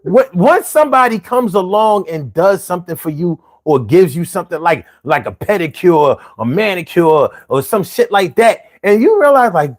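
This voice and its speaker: A man's voice: sits high, sing-song, normal speed, few pauses. A man in his forties hosting a live stream, talking emphatically and profanely, with many restarts and repeated words. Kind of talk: casual chat.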